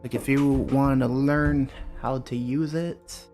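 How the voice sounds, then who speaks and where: A man streaming a game, chatting casually and relaxed with his viewers, greeting them by name. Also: mid-range voice, takes it slowly. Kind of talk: casual live-stream chat while gaming. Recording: faint music behind the voice.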